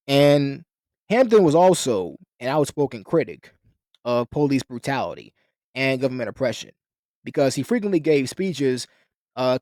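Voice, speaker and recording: A man's voice: medium pitch, darkish tone, no room sound. A man giving an explanatory history lecture, talking in long sentences with some restarts and fillers. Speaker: lecturer on a philosophy channel.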